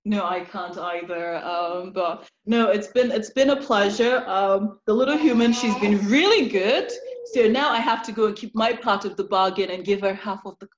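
A woman's voice: mid-range voice, moderate pace, a little hiss or hum. A woman hosting an interview show, enthusiastic and gushing. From Nigeria. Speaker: host. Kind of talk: casual interview chat. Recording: dull roomy home recording.

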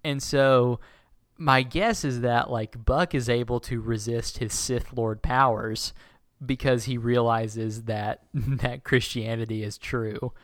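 Male co-host, mid pitch, dry booth sound, jokey recap delivery. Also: steady tone, takes it slowly, dry recording. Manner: laughing, jokey retelling. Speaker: podcast co-host. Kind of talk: casual chat.

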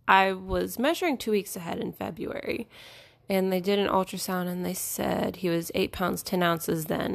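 Chatty young woman with a gravelly low voice. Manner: chatty and rambling, with frequent laughs and fillers. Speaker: podcast host. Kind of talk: casual personal storytelling.

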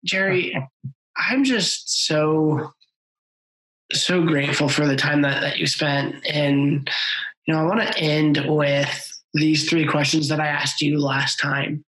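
On a rough recording, a man hosts a podcast interview, speaking slowly in a steady, slightly bright voice that sits on the high side. His conversational manner is earnest and reflective, with occasional playful moments.

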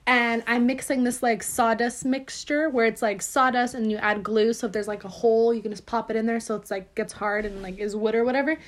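A woman's voice: a little high, steady tone, brisk, hardly any pauses. A young woman chatting casually, telling work stories with lots of "like" and frequent laughter. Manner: giggly storytelling, lots of "like". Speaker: factory worker chatting with coworker. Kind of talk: casual chat.

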